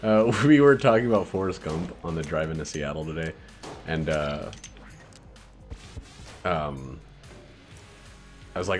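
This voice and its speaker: A man's voice: low voice, normal speed, pauses often, soft background music. A man hosting a casual let's play, chatting and joking playfully between laughs. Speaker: gaming channel host.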